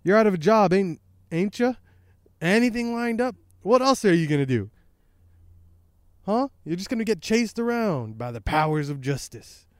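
A man voicing a gruff, scheming male pirate captain with a drawling twang. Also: sits high, lively intonation, moderate pace, dry recording, studio quality, voice pushed up. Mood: taunting.

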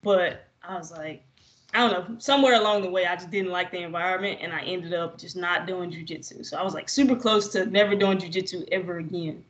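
A young adult podcast guest chatting casually, telling stories in a relaxed way with many fillers. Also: mid-range voice, a little fast, muffled recording. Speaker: podcast guest, jiu-jitsu practitioner.

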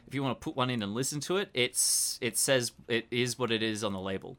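A game master calmly explaining rules and consequences to players in a tabletop horror game. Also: mid-range voice, brisk. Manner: calm, explanatory, rule-focused.

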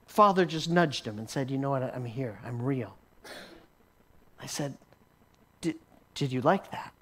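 A man's voice: medium pitch, measured pace, a bit bright. A man teaching a sermon as a story, often repeating words as he restarts and chuckling along. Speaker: Christian teacher.

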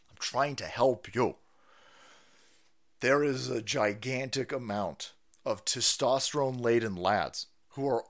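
A man hosting a stream, ranting in profane political commentary with mocking asides and sudden shouts. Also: medium pitch. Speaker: streamer host.

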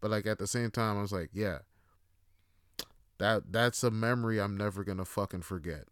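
Brief: young male host, casual storyteller, bright tone, dry close sound. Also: on the low side, normal speed, clear, resonant tone, no room sound. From Toronto, Canada. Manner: profane, laughing anecdotes; acts out other people's lines. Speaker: podcast host.

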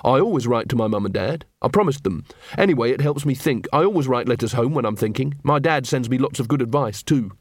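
A man's voice: mid-range voice, lively intonation, fast, dry recording, studio quality, close to an everyday voice. A man voicing an earnest, tired young city watchman who speaks plainly. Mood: weary.

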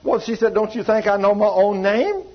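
A man's voice: high voice, animated, normal speed, muffled recording. A man preaching a sermon, telling a story and acting out the voices of the people in it, in a folksy, down-home way. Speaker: pastor.

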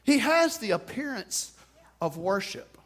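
A man's voice: sits high, big pitch swings, measured pace, a bit bright. A man preaching a sermon, emphatic and repetitive, with touches of humor.

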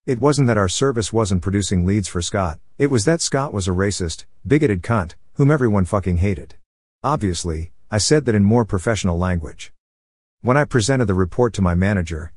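Low-voiced man narrating, dry sound. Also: a little mellow, no room sound. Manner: wry, blunt and profane. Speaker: story narrator. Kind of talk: narrating a revenge story from a forum.

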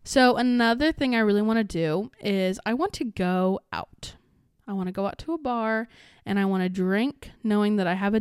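A woman's voice: mid-range voice, clean tone, no room sound, studio quality. A young adult woman hosting her own podcast, talking in a casual, rambling way with many fillers and restarts. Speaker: podcast host. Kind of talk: casual solo podcast chat.

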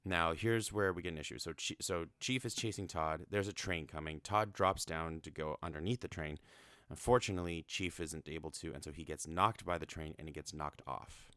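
A man's voice: deep voice, fairly quick, sharp tone, clean tone, dry recording, clean studio sound. A young man casually recapping a film, chatty, with frequent swearing and lots of fillers.

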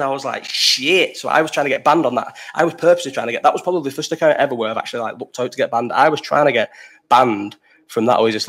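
Fast-talking lad telling stories. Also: male voice, mid-range voice, a bit bright. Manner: rambling, swears freely, answers chat mid-story. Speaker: livestream host. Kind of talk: casual live chat storytelling.

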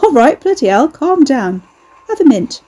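A woman's voice: high-pitched, sing-song, normal speed, mellow, pitched above the performer's own voice. A woman doing a cocky taunting man. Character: brash mocking male troublemaker.

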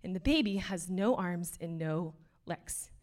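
A woman's voice: on the low side, expressive, measured pace, a little mellow. A young adult woman giving an earnest, casual sermon, full of fillers and passing laughs. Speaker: speaker.

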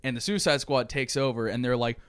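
A man casually co-hosting a podcast, retelling a movie idea in a rambling, animated way with plenty of swearing. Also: mid-range voice, brisk, clean tone, dry recording, clean studio sound. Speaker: podcast co-host. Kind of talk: casual chat, pitching a movie plot.

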